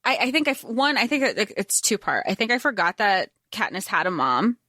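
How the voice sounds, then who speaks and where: A woman's voice: mid-range voice, sing-song, brisk, bright, forceful tone, no echo, studio quality. A young woman co-hosting a podcast, making wry, joking asides while recapping a movie. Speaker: podcast co-host. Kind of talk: casual chat recapping a movie.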